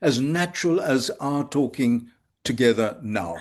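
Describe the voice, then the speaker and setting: An older man with a mid-range voice speaks slowly and reflectively. He pauses often and picks his words with care, talking from his consulting room at home. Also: medium pitch, lively intonation, a little mellow. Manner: measured, halting with frequent pauses. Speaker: homeopath guest. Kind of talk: reflective conversation.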